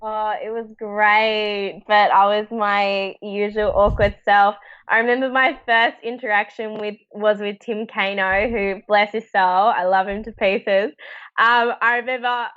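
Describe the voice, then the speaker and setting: A loud, animated woman tells stories as a guest, chatting casually from home. Her voice sits in a middle pitch. It comes through dull, lo-fi video-call audio. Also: unhurried, clear, resonant tone. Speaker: guest actor. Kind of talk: casual chat.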